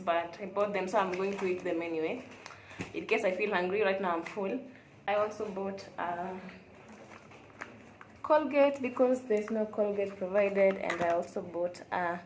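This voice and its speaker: A young woman talks to camera in a relaxed, confessional way, musing openly as she goes. Her voice sits at an ordinary middle pitch and carries the echo of a bare hotel room. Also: a little hiss or hum. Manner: chatty, reflective and candid. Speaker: vlogger. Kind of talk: casual confessional vlog chat.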